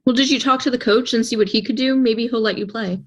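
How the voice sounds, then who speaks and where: A woman's voice: on the high side, fairly even intonation, quick pace, dull audio. A teenage girl acting out a role-play scene and then explaining it earnestly. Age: teens. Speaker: student board member.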